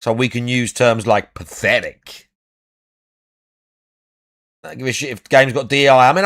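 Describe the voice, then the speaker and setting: A man's voice: medium pitch, fairly bright tone, no room sound, clean studio sound. A young adult man chatting casually as a podcast co-host, blunt and sweary, repeating his points. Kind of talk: casual chat.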